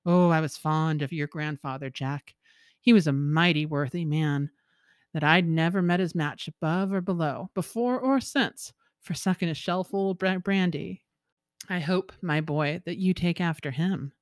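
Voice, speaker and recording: A woman's voice: deep voice, no echo, clean studio sound, close to an everyday voice. A woman doing a sly old sea merrow. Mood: jovial. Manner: coaxing, teasing, quick banter.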